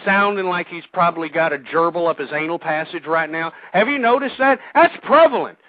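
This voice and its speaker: A man with a fairly high voice rants on his call-in radio show, combative and insulting, hammering the same points again and again. The sound is tinny and phone-like, and it is very dry. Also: lively intonation, fairly quick, no echo. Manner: combative, insulting, repetitive ranting. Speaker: radio talk show host.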